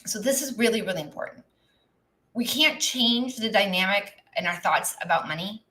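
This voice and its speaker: A woman with a bright, forceful voice coaches her viewers through a live stream. She talks in a loose, conversational way, often tagging lines with "right?" or "okay?", and answers questions from the chat as they come in. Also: mid-range voice, normal speed. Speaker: business coach.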